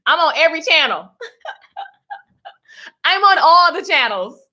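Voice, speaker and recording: A woman's voice: very high-pitched, big pitch swings, takes it slowly, sharp tone. A woman hosting a motivational live stream, talking animatedly and in a preachy tone, calling her viewers darling. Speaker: livestream host.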